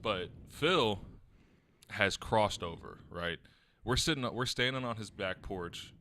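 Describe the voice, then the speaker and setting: A man's voice: on the low side, expressive, takes it slowly, bright, forceful tone, a little hiss or hum. A man in his twenties co-hosting a podcast, chatting casually and telling stories with a laugh. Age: 20s. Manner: laid-back, laughing storyteller. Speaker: podcast co-host. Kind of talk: casual chat.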